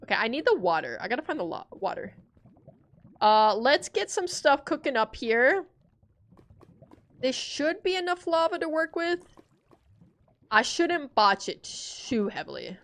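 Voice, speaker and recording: A woman in her twenties giving casual gameplay commentary, animated and self-deprecating, cursing as she rants. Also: sits high, unhurried, pauses often. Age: 20s. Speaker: gaming streamer.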